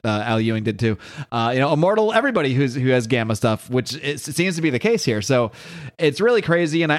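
A man co-hosting a podcast who discusses comics enthusiastically, thinking aloud. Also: on the high side. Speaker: podcast co-host. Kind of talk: casual discussion.

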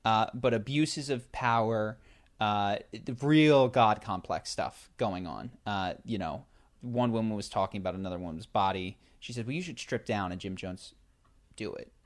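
A man telling a long story in a casual chat, animated, with many fillers and restarts. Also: lowish voice, normal speed.

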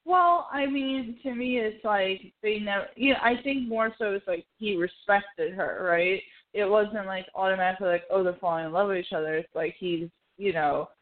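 An animated woman in casual conversation, getting emotional and laughing as she acts out bits of dialogue. Her voice sits at an ordinary pitch. The sound is narrow and tinny, like a phone line. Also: normal speed. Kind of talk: casual chat about a film.

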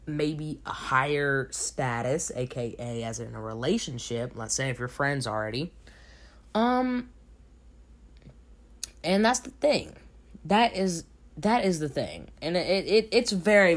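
A man's voice: on the high side, lively intonation, measured pace. A young man hosting a casual solo advice podcast late at night, sleepy, emphatic and repeating words for stress. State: sleepy, recording at 3 a.m. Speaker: podcast host. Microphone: home podcast mic.

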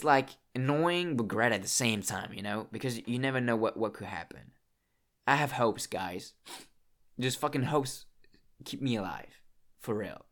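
A man's voice: mid-range voice, a bit bright. A young man vlogging in a casual, emotional monologue, swearing often and restarting his sentences as he talks about his feelings.

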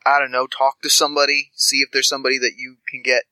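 A man's voice: mid-range voice, monotone, fast talker, pushed and bright, dry recording, rough recording. A man voicing a friendly, scatterbrained male street informant who stammers and rambles. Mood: rambling.

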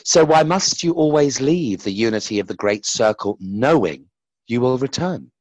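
A man's voice: medium pitch, lively intonation, no echo, pitched above the performer's own voice, close to an everyday voice. A man voicing a sad, patient God. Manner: slow, gentle and questioning.

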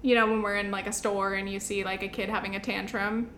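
A woman co-hosting a casual couple's podcast who laughs often and swears casually; her voice turns shrill when she stresses a point. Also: little pitch movement, quick pace, a bit bright, a little hiss or hum. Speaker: podcast co-host. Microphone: studio microphone.

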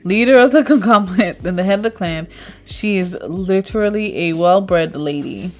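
A woman's voice: medium pitch, moderate pace. Casual young woman reading aloud. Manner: stumbles over names, laughs it off. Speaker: co-host reading a comic. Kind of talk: casual read-aloud with chat.

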